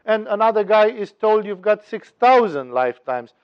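A man's voice: high-pitched, expressive, normal speed, hardly any pauses. A man giving a spiritual teaching talk, telling parables with wry humor and acting out their voices. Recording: dull lo-fi recording.

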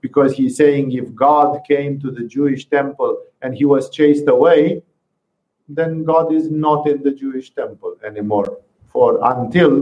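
A man giving a satsang teaching on scripture, reflective and unhurried, pausing often with fillers. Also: medium pitch, darkish tone, dull audio. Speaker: spiritual teacher.

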